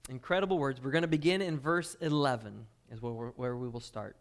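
A man's voice: mid-range voice, a little fast. Fervent male pastor preaching. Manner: dynamic preaching, drops to quiet intensity then swells loud. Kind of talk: sermon.

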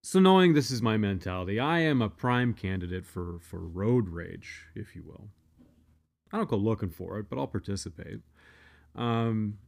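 Man, very low voice, gravelly, blunt casual storytelling, swears a lot. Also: animated, normal speed. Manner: blunt, profane, rambling with restarts.

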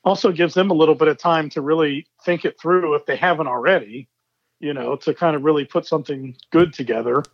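A relaxed man talking on a podcast, his voice a little higher than most. The sound is dry and slightly dull, as if from a lo-fi mic. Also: fairly quick, no echo. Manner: relaxed, asks follow-up questions. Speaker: podcast co-host. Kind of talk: casual wrestling talk.

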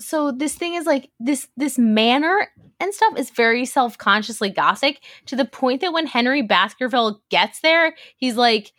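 A woman's voice: high-pitched, lively intonation, moderate pace, a bit bright, no echo, studio quality. A woman co-hosting a casual book discussion, enthusiastic and swearing freely. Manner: enthusiastic, profane. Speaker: podcast co-host.

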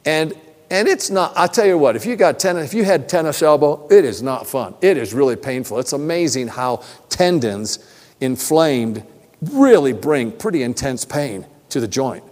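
Animated preacher, man, big hall echo. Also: mid-range voice, normal speed. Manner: conversational, animated, self-deprecating humor. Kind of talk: sermon with storytelling. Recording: long reverb of a large hall.

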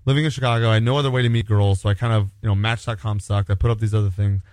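A man from the United States, an author guest telling stories in a relaxed, rambling interview chat. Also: lowish voice, racing, no room sound. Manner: rambling, self-assured storytelling. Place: home studio.

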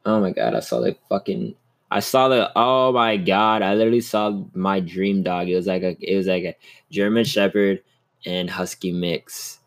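A man's voice: low voice, normal speed. A young man hosting a solo podcast, rambling in a casual, upbeat way and swearing a lot. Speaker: podcast host.

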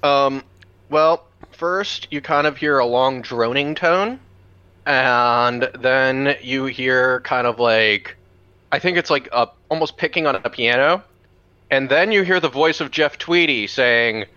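A man's voice: medium pitch, takes it slowly, bright, forceful tone, smooth, no room sound, dull audio. A man playing in a tabletop game podcast, rambling and laughing as he talks. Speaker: player.

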